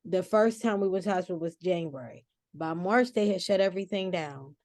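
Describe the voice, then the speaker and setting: Guesting on a podcast, a forties-aged woman relates a family story in a loose, expressive style full of restarts and self-corrections. She has a fairly low pitch and talks fairly quickly, recorded in studio quality with no echo.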